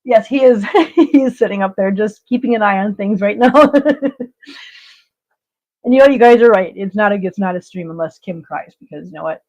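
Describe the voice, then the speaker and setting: A woman's voice: medium pitch, normal speed, darkish tone, rough recording. A woman hosting a live stream, chatting casually and reading out viewer comments, blunt, emotional and repeating herself for emphasis.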